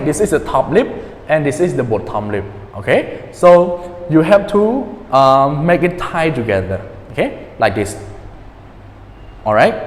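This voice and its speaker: A male teacher in a pronunciation lesson, patiently repeating words and checking in with his students. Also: fairly high pitch. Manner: patient, repeats words slowly, many fillers and checks like "okay?". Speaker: English teacher. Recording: echoey room with long reverb.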